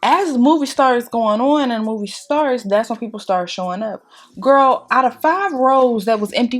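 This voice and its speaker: A woman's voice: a little high, normal speed. Chatty young woman telling a storytime. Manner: animated storytelling, acting out quotes with shouts. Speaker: beauty vlogger. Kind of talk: casual storytime chat while doing makeup.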